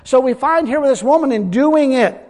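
High-voiced man preaching in a reverberant hall. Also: animated, fairly quick, a little mellow. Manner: emphatic, reads scripture aloud, acts out quotes. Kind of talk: sermon.

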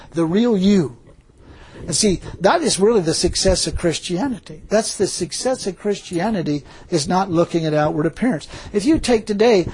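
A man's voice: high-pitched, darkish tone, slight background noise. A man preaching a sermon and telling a personal testimony, rambling with many fillers and repeated words.

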